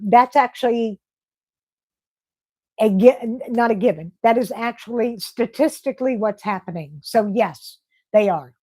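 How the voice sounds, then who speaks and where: A woman's voice: a little high, darkish tone, no room sound. A woman hosting a casual livestream, chatty and effusive as she reads viewer comments aloud. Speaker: livestream host.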